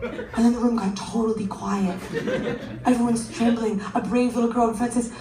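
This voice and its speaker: Higher-voiced woman doing stand-up. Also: moderate pace, far from the mic. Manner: animated storytelling with voices of kids and friends. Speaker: stand-up comedian. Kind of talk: stand-up comedy set. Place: comedy venue with audience. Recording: echoey live venue, crowd noise.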